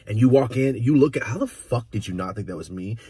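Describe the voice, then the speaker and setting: A young man vlogging from inside a car, telling profane, animated stories in casual chat. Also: medium pitch, a little fast, husky, no echo, studio quality.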